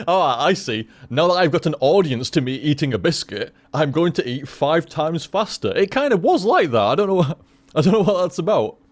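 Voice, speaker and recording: A man's voice: on the high side, very animated, normal speed. A young man chatting casually to his stream viewers, rambling and swearing with lots of restarts.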